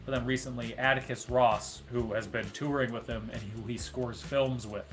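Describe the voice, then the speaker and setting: A man's voice: mid-range voice, fairly even intonation, normal speed, faint music behind. A man hosting a live trivia show, reading out the answers with wry jokes and asides. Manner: joking, wry asides between quiz answers. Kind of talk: casual live-stream hosting.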